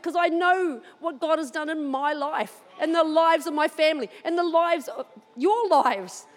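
A woman preaching, telling a personal story with animated, excited delivery. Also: high voice, normal speed, long reverb tail, some chatter behind.

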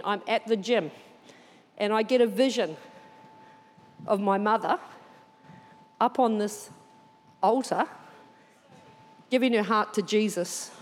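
A woman giving an animated sermon testimony in church, telling her story expressively. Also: a little high, in a large hall. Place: church auditorium.

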